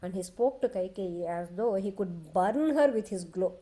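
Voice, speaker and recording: A woman retelling a sacred epic in a devotional discourse, talking conversationally and pausing to explain for children. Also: mid-range voice, lively intonation, dark tone. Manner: conversational, explains to children, frequent restarts and "okay". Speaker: scripture storyteller.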